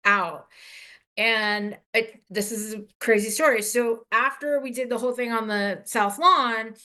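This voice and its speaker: A woman guest on a podcast, telling a story in a relaxed, conversational way. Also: mid-range voice. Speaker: guest, motorsport communications director. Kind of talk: casual interview storytelling.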